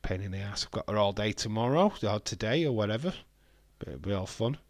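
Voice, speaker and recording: A man hosting a live wrestling watch-along, chatty and excitable, swearing casually. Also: fairly low pitch, a little fast, dry recording. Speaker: livestream host.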